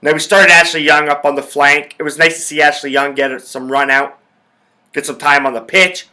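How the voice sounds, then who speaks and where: A man's voice: a little high, flat delivery, normal speed, sharp tone. A young man hosting a sports podcast, ranting about football in a profane, fired-up way. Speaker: podcast host. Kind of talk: casual sports talk.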